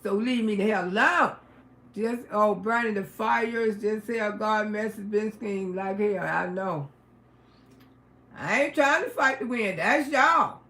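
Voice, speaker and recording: A middle-aged woman hosting a livestream, telling stories in a brash, profane, casual way and breaking into loud exclamations. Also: mid-range voice, unhurried. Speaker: livestream host. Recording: roomy echoey room.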